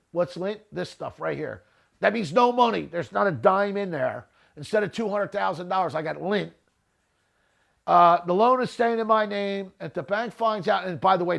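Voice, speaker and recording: A man's voice: sits high, creaky. A middle-aged man hosting a podcast, talking bluntly and off the cuff, often repeating "listen" and "right?". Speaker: podcast host. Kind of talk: blunt unscripted monologue.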